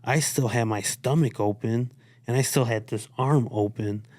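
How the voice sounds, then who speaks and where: A man's voice: mid-range voice, normal speed, darkish tone, no room sound, clean studio sound. A man from Chicago, a guest on a podcast, telling his story in a laid-back, profane way and quoting what others said. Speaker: guest artist. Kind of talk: casual interview talk. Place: studio.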